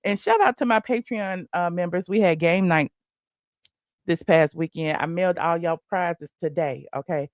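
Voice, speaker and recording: A woman's voice: fairly low pitch, moderate pace, no room sound, clean studio sound. A woman hosting a casual live stream, chatting and laughing as she reads viewer comments. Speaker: live-stream gossip host.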